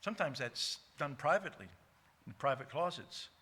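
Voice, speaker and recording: Male pastor, sermon delivery, bright edgy tone, emphatic with restarts. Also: mid-range voice, animated, slightly rough. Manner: emphatic, repeats key words slowly, frequent restarts. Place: church sanctuary.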